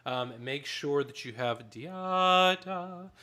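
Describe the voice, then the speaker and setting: A man's voice: on the high side, slow, sharp tone, clean tone. A man leading a choir rehearsal, giving directions between short sung demonstrations. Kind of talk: rehearsal instruction.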